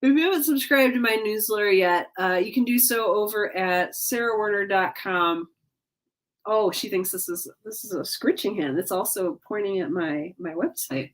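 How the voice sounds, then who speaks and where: A woman's voice: medium pitch, normal speed. A tired woman hosting a casual livestream from home, yawning between comments she reads aloud and cheering on viewers. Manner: yawning, drowsy, upbeat and encouraging. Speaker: livestream host.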